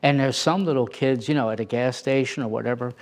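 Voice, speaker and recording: A man who plays Santa, telling a casual anecdote in an animated way and acting out the voices of the people in it. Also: medium pitch, fast talker. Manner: animated, acts out quoted voices.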